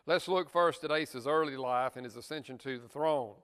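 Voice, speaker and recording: A man's voice: medium pitch, fairly quick, a bit bright, in a large hall. A man teaching a Bible study lesson in a church, earnest, stressing key words and adding asides to the class.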